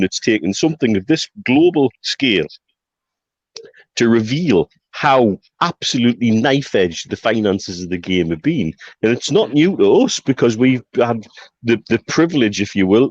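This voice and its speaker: A man's voice: mid-range voice, big pitch swings, moderate pace, no room sound, highs cut off. A man talking football business in a casual podcast chat, emphatic and repeating himself when he presses a point. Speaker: podcast co-host.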